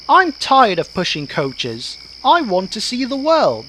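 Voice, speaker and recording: A man's voice: takes it slowly, a little hiss or hum, heavily acted. Thomas, a man doing a cheeky little tank engine. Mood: wistful. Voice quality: high and excitable. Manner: eager, fussing. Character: small cheeky boastful young male tank engine. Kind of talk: storybook narration.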